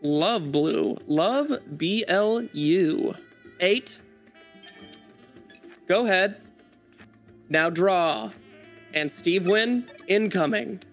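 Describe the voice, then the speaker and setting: A man's voice: sits high, animated, extremely slow, pauses often, faint music behind. A young man in casual gaming chat, laughing, swearing and rambling through stories. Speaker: gamer.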